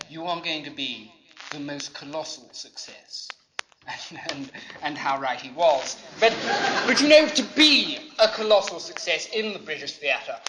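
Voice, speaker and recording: A man playing a vain, pompous old-boy actor giving a gushing speech at a school prize day, in a comedy sketch on an old record. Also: sits high. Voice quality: plummy, theatrical, self-regarding. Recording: vinyl record with light hiss.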